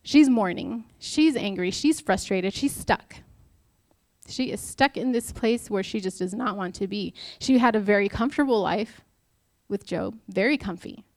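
A woman's voice: mid-range voice, normal speed, a little mellow, dry recording. A married woman giving a casual devotional talk, chatty and self-deprecating, acting out the lines she quotes. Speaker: Bible study speaker.

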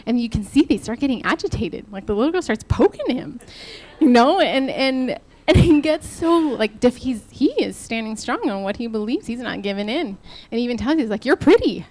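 A woman preaching to a church in a lively, laughing, conversational sermon style. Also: on the high side, fairly quick, hardly any pauses. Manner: animated, laughing while retelling, addresses the church directly.

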